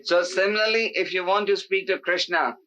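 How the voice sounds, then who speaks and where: Animated man preaching, bright voice. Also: sits high, fairly quick. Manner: animated, acts out quoted voices, pleading and emphatic. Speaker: spiritual teacher. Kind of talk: sermon to a live gathering. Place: indoor hall with an audience. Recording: dull lo-fi tape recording.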